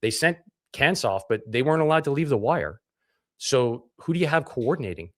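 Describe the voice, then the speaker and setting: A man's voice: mid-range voice, expressive, fairly quick, a bit bright, no echo, clean studio sound. A man from Canada, a military veteran being interviewed, telling his story bluntly with swearing and acted-out dialogue. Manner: blunt and profane, acts out dialogue.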